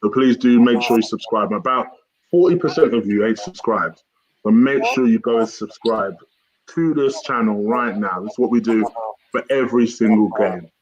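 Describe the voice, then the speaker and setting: A man hosting a football review livestream, speaking calmly with some hesitant ums. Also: medium pitch, moderate pace, lo-fi sound, crowd noise. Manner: calm, mildly hesitant with filler ums. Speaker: channel host.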